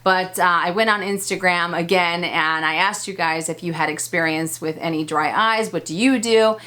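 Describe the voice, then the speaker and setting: Woman beauty vlogger, 30s, chatty and upbeat, slightly low pitch. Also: normal speed, sharp tone. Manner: chatty, enthusiastic, frequent fillers and laughs. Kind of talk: casual product review.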